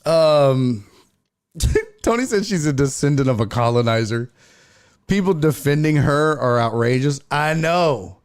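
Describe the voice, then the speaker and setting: A man's voice: a little high, measured pace, clear, resonant tone. A man hosting a casual sports talk stream, swearing freely and reading viewer chat aloud. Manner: profane, animated, reads chat aloud. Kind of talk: casual livestream commentary.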